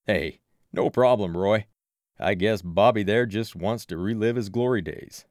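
A man voicing a loud, blunt, protective adult friend in an audiobook. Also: lowish voice, a little slow, no room sound, studio quality, natural voice. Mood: friendly. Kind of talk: audiobook character voice.

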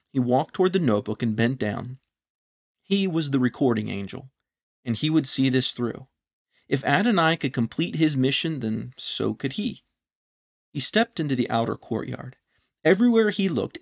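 A man narrating a scripted story in a measured, solemn reading. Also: medium pitch, gravelly.

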